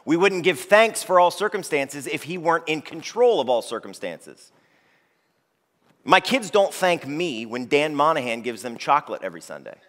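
A man's voice: fairly high pitch, sing-song, moderate pace, fairly bright tone. A male pastor preaching a sermon to his church, emphatic, repeating key phrases and lifting his voice when reading scripture. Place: church sanctuary. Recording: long reverb of a church hall.

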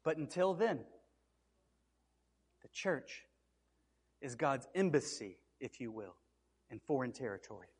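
A man's voice: medium pitch, a little mellow, big-room sound. A man preaching a sermon as pastor, building to emphatic, repeated cries.

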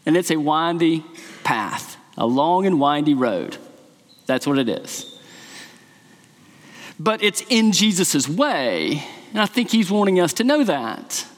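Man, pastor, sermon, high voice, long reverb, church sanctuary. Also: sing-song, takes it slowly, pauses often. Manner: earnest teaching with rhetorical questions.

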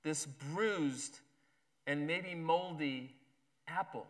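A pastor preaches a sermon, then reads a story aloud and acts out its characters' lines. His voice is a little high and very slow.

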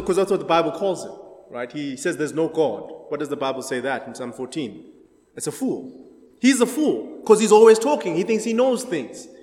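Guy teaching bible study, high voice, chatty and laughing a lot, questions the group, big echoey room. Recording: echoey hall.

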